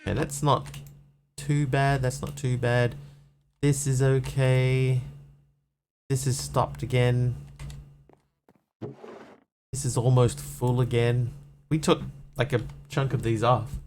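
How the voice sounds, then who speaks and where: A man chats his way through a game stream, joking and reading out messages from chat. His voice sits at an ordinary middle pitch. A faint background hum runs under his talk. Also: level tone, takes it slowly, long pauses. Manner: chatty, jokey, reads chat aloud. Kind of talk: casual gameplay commentary.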